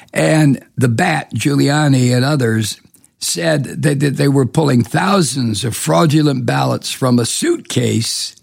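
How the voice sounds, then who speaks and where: Man, slow deliberate delivery, profane scornful host monologue, dry close sound. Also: medium pitch, vocal fry, a little mellow, breathy edge, no echo. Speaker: political commentary host. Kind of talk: angry political monologue.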